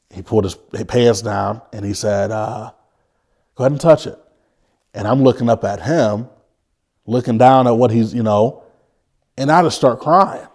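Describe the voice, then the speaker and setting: Earnest low-voiced man recounting his past. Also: a little mellow. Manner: earnest, halting, with frequent restarts; vivid retelling. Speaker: interview guest. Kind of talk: personal life story in an interview.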